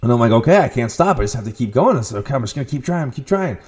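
A young man hosting a podcast, telling a story in a casual, profane monologue with sudden loud outbursts. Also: mid-range voice, very animated, very fast. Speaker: podcast host.

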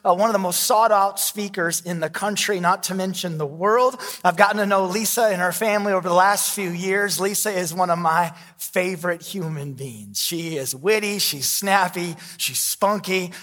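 A man's voice: high-pitched, moderate pace, hardly any pauses, a bit bright, big-room sound. A man in his thirties, a pastor, preaching a sermon with candid, self-deprecating storytelling.

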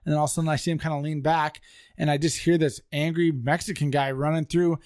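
A slightly high-voiced man talks fast while co-hosting a podcast, his studio-quality audio free of echo. Animated, he laughs along as he shares a funny story with friends in casual conversation.

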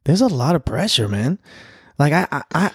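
A man's voice: a little high, moderate pace, husky, dry recording, clean studio sound. A man co-hosting a casual podcast chat, telling stories from his job as a server and laughing often. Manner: storytelling, animated, laughs often. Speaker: podcast co-host.

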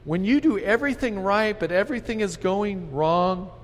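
Earnest preacher in his fifties, high voice. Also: normal speed, big-room sound. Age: 50s. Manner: earnest, preaching with rhetorical questions, ends in soft prayer. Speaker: pastor. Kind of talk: sermon.

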